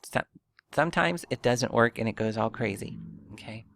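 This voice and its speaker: Man talking through a software tutorial. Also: mid-range voice, animated, moderate pace, gravelly. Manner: thinks aloud, rambling with fillers and restarts. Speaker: 3D modeling tutor. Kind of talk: casual screen-recorded software tutorial.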